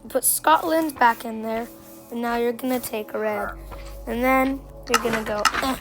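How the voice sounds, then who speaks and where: A woman's voice: a little high, steady tone, music in the background. A woman giving casual, playful commentary on a game tutorial, joking at herself and trailing off with fillers. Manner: slow, playful and self-joking, with many fillers and trailing phrases.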